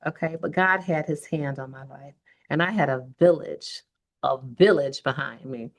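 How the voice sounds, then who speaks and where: A woman's voice: deep voice, normal speed. A woman in her fifties hosting a podcast, telling her own story in an earnest, heartfelt way and speaking straight to her listeners. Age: 50s. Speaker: podcast host.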